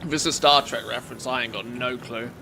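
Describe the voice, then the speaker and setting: A male game streamer talks casually to his viewers while playing, thinking aloud as he works things out. His mid-range voice has a gravelly, fry-tinged texture. A faint hiss sits underneath. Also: medium pitch, fairly even intonation, brisk.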